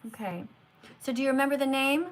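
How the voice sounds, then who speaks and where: A woman's voice: high-pitched, fast. A woman hosting a livestream, talking earnestly to a guest and to viewers, emphatic and lecturing, recorded on a phone. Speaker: livestream host. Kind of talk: live-stream talk to viewers.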